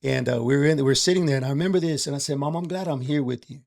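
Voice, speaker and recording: Gravelly candid man. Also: mid-range voice, rapid-fire. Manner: candid, streetwise, emotional storytelling. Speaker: podcast guest, entrepreneur. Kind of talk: casual storytelling chat.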